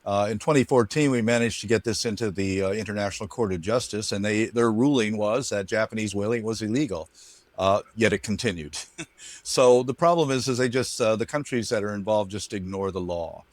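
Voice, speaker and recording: An older man giving interview answers in a plain-spoken way, with frequent pauses and fillers. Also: on the low side, dry recording. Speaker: guest, marine conservation activist.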